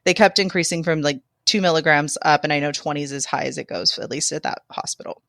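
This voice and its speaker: A woman's voice: low voice, fast talker, vocal fry, a bit bright, no room sound, studio quality. A woman guest on a podcast, telling her own birth story candidly and emotionally, laughing through the hard parts.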